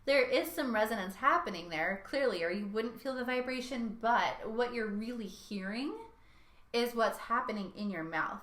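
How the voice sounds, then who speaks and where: A young woman vocal coach giving a singing lesson, talking in a lively way and showing each sound with her own voice. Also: on the high side, moderate pace, echoey room.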